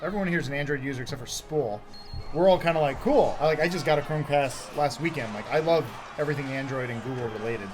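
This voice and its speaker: Male podcast regular, quick and offhand, music under him. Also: medium pitch. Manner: offhand, casual, swearing. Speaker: podcast co-host. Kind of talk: casual chat.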